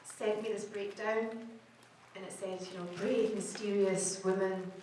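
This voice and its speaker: A woman's voice: mid-range voice, steady tone, measured pace, dark tone, slight background noise. A Scottish woman, a guest actor on a convention panel, answering fans in a chatty way, laughing often and restarting her sentences. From Scotland. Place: large convention hall. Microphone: camera in the audience, far from the stage. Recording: echoey hall recorded from far off.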